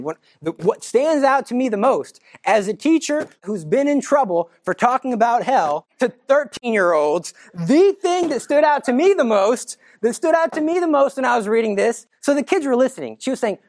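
A teacher giving a religious storytelling talk, animated and dramatic, swinging between loud and hushed delivery. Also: mid-range voice, no echo.

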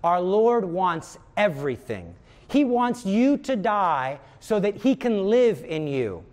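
A man's voice: high-pitched, darkish tone. A man teaching a prayer class in an earnest, emphatic way, repeating key words for stress. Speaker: religious teacher.

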